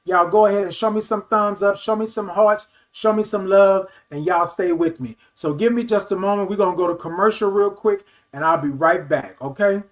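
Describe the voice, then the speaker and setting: High-voiced animated man hosting a livestream. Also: moderate pace, hardly any pauses. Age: 50s. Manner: animated, affectionate, calls viewers baby and y'all. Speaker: livestream talk show host. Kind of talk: casual livestream chat reading comments.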